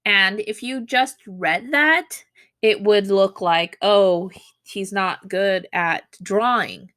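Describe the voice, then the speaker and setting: A woman's voice: slow, no room sound. A woman teaching a Japanese grammar lesson in English, explaining patterns and acting out sample phrases. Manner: explanatory, acts out sample Japanese phrases with lively pitch swings.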